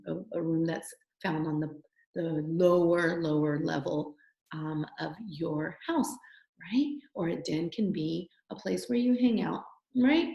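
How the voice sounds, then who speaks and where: Slow, gravelly woman teaching small children. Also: on the low side, a little mellow. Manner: slow, patient, sing-song and encouraging. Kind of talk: recorded phonics lesson for young children. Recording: echoey room.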